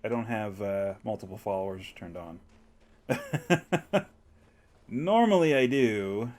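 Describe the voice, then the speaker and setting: A man's voice: lowish voice, expressive, slow, a little mellow. A man streaming a video game, chatting casually to himself and the game with frequent chuckles. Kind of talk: casual gameplay commentary.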